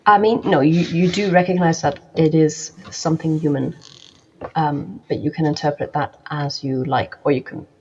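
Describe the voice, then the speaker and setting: A woman's voice: sits low, fairly even intonation, moderate pace, muffled recording, slight background noise. A woman narrating as game master of a tabletop game, hesitant and full of fillers.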